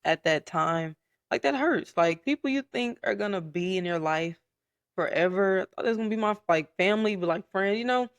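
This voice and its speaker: A young man telling his personal story in a casual podcast chat, candid and soft-spoken, with frequent fillers. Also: sits high, animated, fairly quick, dry recording. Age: young adult. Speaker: podcast guest.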